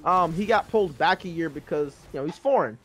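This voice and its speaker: A man in his twenties telling a rambling, profane story casually while gaming, breaking into loud, excited bursts. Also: a little high, brisk, a little hiss or hum.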